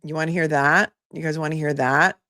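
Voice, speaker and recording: A woman's voice: sits low, fairly even intonation, fairly quick, bright, forceful tone, dry recording, clean studio sound. A woman with a Boston accent hosting commentary on a court hearing, sarcastic and full of rhetorical questions. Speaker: host.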